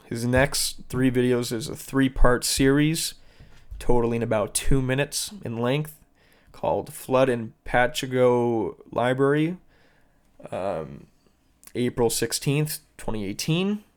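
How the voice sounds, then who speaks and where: Profane, animated male podcast host. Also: medium pitch, slow pace. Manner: swears a lot, animated retelling. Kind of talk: casual solo commentary.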